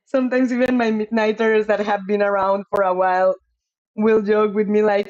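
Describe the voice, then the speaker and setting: A woman streaming a video game live, chatting casually with her viewers, apologetic and quick to laugh. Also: medium pitch, expressive, darkish tone, highs cut off.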